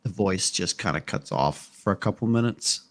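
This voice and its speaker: Low-voiced guy running a tabletop game, relaxed and plain. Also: moderate pace. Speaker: game master.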